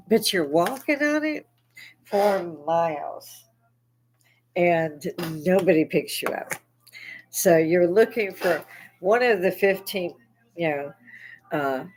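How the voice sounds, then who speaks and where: A woman's voice: lowish voice, poor audio. Blunt, laughing woman telling stories. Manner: blunt, profane, laughing often. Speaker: podcast host. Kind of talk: casual storytelling monologue.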